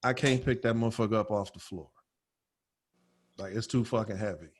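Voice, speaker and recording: A man's voice: on the low side, fairly quick. A man co-hosting a podcast, telling a story in casual chat full of profanity and slang. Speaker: podcast co-host.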